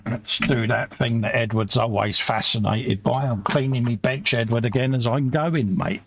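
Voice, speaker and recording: Gravelly London man chatting. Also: medium pitch, moderate pace, a little hiss or hum. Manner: chatty, matey banter while tidying his workbench. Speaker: livestream co-host. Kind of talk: casual live stream chat.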